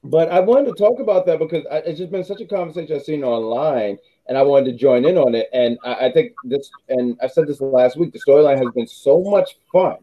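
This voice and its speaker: Male podcast co-host, slightly high voice, casual rambling delivery, dull lo-fi recording. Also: fairly quick, few pauses. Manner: rambling, self-correcting, laughs often. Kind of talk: casual wrestling chat.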